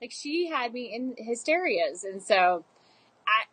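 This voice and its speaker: A woman's voice: a little high, big pitch swings, unhurried, a bit bright, slight background noise, rough recording. A young woman talking animatedly about a book, giggling and acting out quoted characters. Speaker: book vlogger. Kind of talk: casual book discussion.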